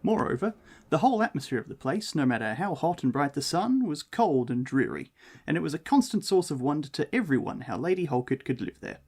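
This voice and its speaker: Wry male podcast co-host, animated read, slightly husky tone. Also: a little high, brisk. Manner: wry, jokey, reads with lively expression. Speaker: podcast co-host reading a ghost story. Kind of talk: casual chat and reading aloud.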